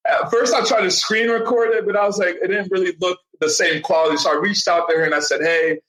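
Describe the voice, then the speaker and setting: A man's voice: high-pitched, fast talker, reverberant, low-quality recording. A young man, a podcast guest, telling stories in a casual interview and acting out what people said. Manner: animated storyteller, acts out quotes. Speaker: podcast guest, digital marketing strategist.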